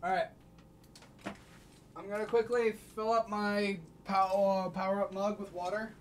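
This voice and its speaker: A woman's voice: medium pitch, level tone, measured pace, a little hiss or hum. A nineteen-year-old woman streaming, chatting casually and affectionately with her audience and partner. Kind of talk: casual livestream chat.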